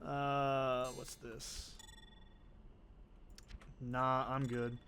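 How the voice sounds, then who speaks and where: A man's voice: mid-range voice, little pitch movement, extremely slow, fairly bright tone, slight background noise. A young man giving casual, rambling gameplay commentary, offhand and full of swearing. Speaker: let's play host.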